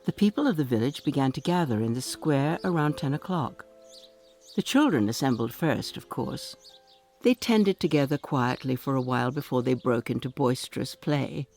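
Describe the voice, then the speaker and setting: A woman reading a short story aloud in a measured, expressive storytelling manner. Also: rumbling low, faint music behind. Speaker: audiobook narrator.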